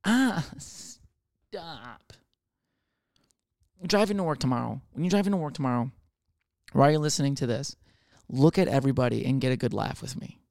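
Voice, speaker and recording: A young adult man, a comedian, riffing in a casual rambling monologue, swearing often and slipping into quick voices of other people. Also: mid-range voice, vocal fry, darkish tone, no room sound, clean studio sound.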